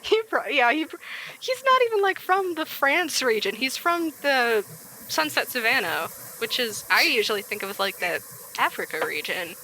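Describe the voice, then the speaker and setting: A woman co-hosting a podcast in casual chat and fan fiction reading, giggly and animated, often breaking off mid-sentence. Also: on the high side, normal speed, a little hiss or hum, rough recording. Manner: giggly, animated, self-interrupting. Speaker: podcast co-host.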